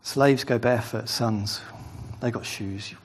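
A man's voice: medium pitch, takes it slowly. A man preaching a sermon, first reading scripture aloud, then talking it through conversationally with asides and tag questions.

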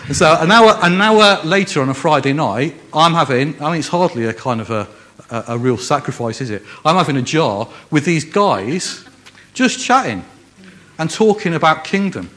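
A man's voice: on the high side, lively intonation, normal speed, a bit bright. A man with a Scouse accent from Liverpool, preaching in a conversational, joking way, often restarting his phrases. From Liverpool, England. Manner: self-deprecating humor, frequent restarts. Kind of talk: conversational sermon.

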